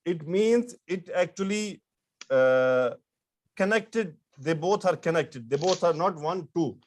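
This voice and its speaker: A man's voice: fairly high pitch, lively intonation, takes it slowly. A man teaching an Arabic grammar lesson, explaining step by step and repeating key terms, with frequent fillers and restarts. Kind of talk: online-style grammar lecture.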